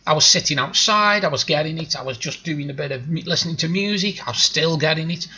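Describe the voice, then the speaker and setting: A man's voice: on the high side, quick pace, sharp tone, slightly rough, lo-fi sound. A man from Stoke-on-Trent with a broad Potteries accent, chatting casually and rambling to camera in a video diary. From Stoke-on-Trent, England. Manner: chatty, rambling, self-deprecating. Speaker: vlogger. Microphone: new desktop microphone.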